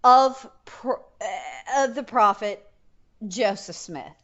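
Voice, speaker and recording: A woman's voice: mid-range voice, sing-song, takes it slowly, a bit bright. A woman co-hosting a history podcast in a loose, chatty way. She swears casually and teases her partner, breaking into laughter. The audio is dull and lo-fi. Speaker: podcast co-host.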